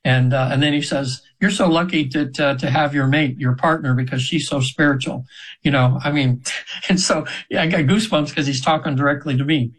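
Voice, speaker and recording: A man's voice: on the high side, fairly even intonation, a little fast, rough recording. A man in his seventies, a radio show guest, telling a long personal story in a rambling way, with many restarts and fillers. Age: 70s. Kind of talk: casual storytelling interview.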